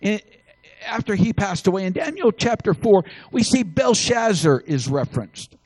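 A man's voice: sits high, sing-song, normal speed, a little mellow, no echo, poor audio. A man preaching a sermon, telling folksy stories with frequent restarts. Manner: folksy storytelling with many restarts.

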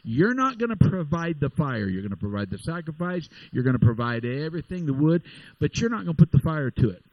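Man playing a bold old prophet, bossy and taunting, kinda high voice. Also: sing-song, a little fast, dry recording, highs cut off. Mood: commanding. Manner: taunting, commanding. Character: bold, mocking old male prophet, calm and sure.

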